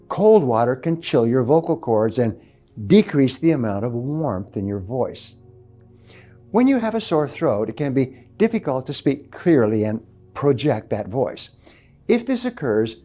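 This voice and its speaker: A man giving a motivational lecture on speaking, with a measured and emphatic instructional delivery. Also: medium pitch. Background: soft background music.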